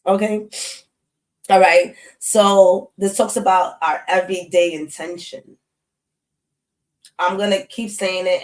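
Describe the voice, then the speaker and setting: Slangy, animated woman astrology streamer. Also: lowish voice, low-quality recording. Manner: animated, slangy, talks straight to the chat. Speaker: astrology live-stream host. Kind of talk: casual live-stream chat.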